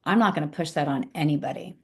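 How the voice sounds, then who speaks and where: A woman's voice: low-pitched, fast talker, vocal fry, husky. A woman leading a spiritual class conversation, speaking reflectively and checking in with her listeners. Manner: reflective, often asks "right?". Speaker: class leader.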